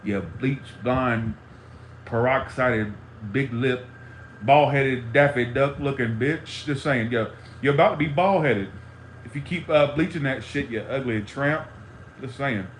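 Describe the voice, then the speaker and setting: A man's voice: mid-range voice, measured pace, a little hiss or hum. A man in an angry, profane ranting monologue, heated and repetitive, talking to a live stream audience. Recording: roomy echo, faint ambience.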